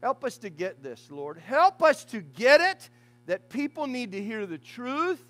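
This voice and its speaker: A man preaching a fiery funeral sermon as pastor in a church, swinging from hushed asides to shouted lines. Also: very high-pitched, very animated, unhurried.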